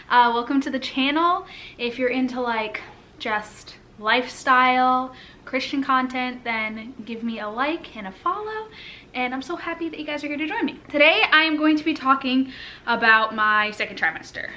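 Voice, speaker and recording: A woman's voice: sits high, expressive, normal speed, sharp tone. A young woman chatting casually to the camera at home, rambling with lots of fillers, a little out of breath while pregnant. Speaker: lifestyle vlogger. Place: home, indoors.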